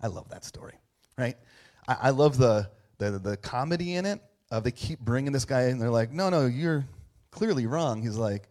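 A man's voice: medium pitch, animated, moderate pace, a little mellow. A man preaching a casual sermon, reading scripture aloud and commenting on it in a conversational, joking way. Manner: conversational, joking, with frequent fillers and laughs.

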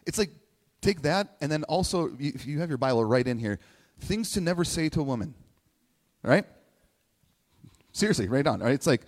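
A man's voice: fairly high pitch, lively intonation, normal speed, pauses often. A man preaching a conversational sermon, emotional and close to tears at times, who keeps asking "right?". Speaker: pastor. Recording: long hall reverb.

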